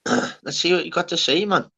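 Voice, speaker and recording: A man's voice: fairly high pitch, normal speed, gravelly, sharp tone, husky. A man hosting a casual livestream chat, rambling and slangy, calling everyone "lad". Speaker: livestream host.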